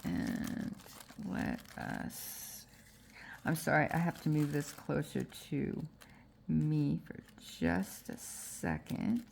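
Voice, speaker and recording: A woman's voice: sits low, very animated, takes it slowly, creaky, darkish tone, slight background noise. A woman with a stuffy, congested voice from allergies, chatting casually through a crafting tutorial with frequent fillers. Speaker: junk journal crafter.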